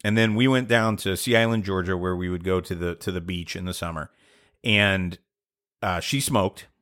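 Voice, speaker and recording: Middle-aged guy rambling through a story on a podcast, lowish voice, laughs at himself. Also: fairly even intonation, normal speed, fairly bright tone, clear, resonant tone. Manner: rambling storyteller, self-deprecating. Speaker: podcast co-host. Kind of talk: casual chat.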